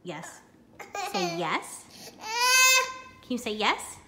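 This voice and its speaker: A woman's voice: medium pitch, sing-song, drawn-out words, roomy sound, heavy background noise. A mother in her home kitchen filming her toddler, talking to him in a playful, coaxing sing-song. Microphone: handheld camera taping.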